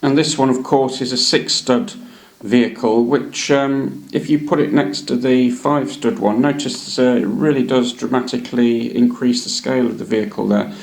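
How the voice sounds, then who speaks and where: Man hosting a hobby show, gravelly, chatty and halting, echoey room. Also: mid-range voice, fairly even intonation, a little mellow. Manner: chatty, hesitant, many ums and uhs. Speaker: hobby channel host. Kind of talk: casual show-and-tell narration.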